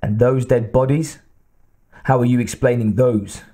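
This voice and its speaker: A man voicing a tough, blunt homicide detective who talks with calm menace, in an audiobook reading. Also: mid-range voice, a little slow, lightly acted. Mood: grim.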